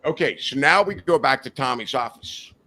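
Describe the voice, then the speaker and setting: A man's voice: medium pitch, expressive, moderate pace, bright, forceful tone, slight background noise. A man, a podcast guest, telling a wild story in a rowdy, profane, laughing way. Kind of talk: casual storytelling. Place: studio.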